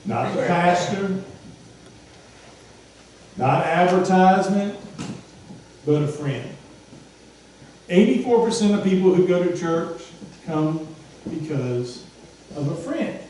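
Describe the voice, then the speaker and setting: A man's voice: sits high, animated, takes it slowly, pauses often, a little mellow, slight background noise. A male pastor preaching a sermon in a church, with emphatic repetition and rhetorical questions. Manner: emphatic, repeats phrases, asks rhetorical questions. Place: church sanctuary. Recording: echoey hall from far off.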